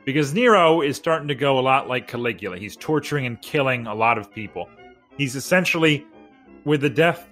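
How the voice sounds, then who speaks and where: A relaxed man with a mid-range voice co-hosts a laid-back history podcast, wandering through the story with jokes and side comments. Faint music plays behind him.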